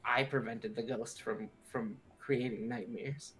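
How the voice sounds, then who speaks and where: A man's voice: mid-range voice, fairly even intonation, a little slow, a bit bright. A man playing a character in a tabletop game, hesitant, often repeating and restarting his words. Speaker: player. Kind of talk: in-character tabletop role-play.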